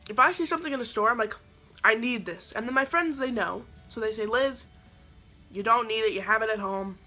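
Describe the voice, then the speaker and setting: A woman in her twenties telling a dating story to camera, animated and sarcastic, acting out her own quoted lines. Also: a little high, brisk, soft background music. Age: 20s. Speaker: vlogger. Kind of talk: storytelling vlog.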